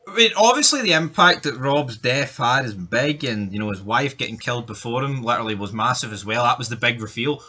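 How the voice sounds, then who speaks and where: A man co-hosting a casual talk show, giving firm opinions and steering the talk along. He often stumbles on his opening words. His tone is very bright and sharp at a middle pitch. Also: expressive, brisk, few pauses, breathy edge. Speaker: podcast co-host. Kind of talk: casual chat ranking TV deaths.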